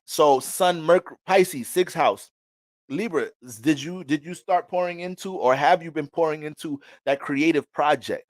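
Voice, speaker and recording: A male astrologer talks through a casual reading in an animated, preachy way, swearing freely. His voice sits somewhat high and sounds dry, close and free of room echo. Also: normal speed.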